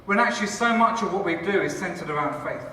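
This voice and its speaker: Bright-voiced Englishman joking in an echoey hall. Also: high voice, fast, far from the mic, slight background noise. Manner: enthusiastic, joking, chatty with the audience. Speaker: church leader and cafe founder. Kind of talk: conference talk to a live audience. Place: large conference hall.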